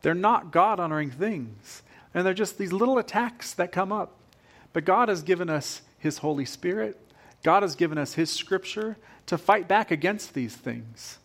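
A male pastor preaches with animated energy and often repeats his phrases to drive a point home. His voice sits a little higher than most men's. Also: moderate pace. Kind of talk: sermon.

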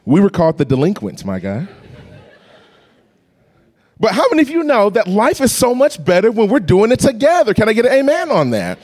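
Animated preaching man with lively pitch. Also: brisk, long pauses. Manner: animated, acts out voices and sounds. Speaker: pastor. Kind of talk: storytelling sermon.

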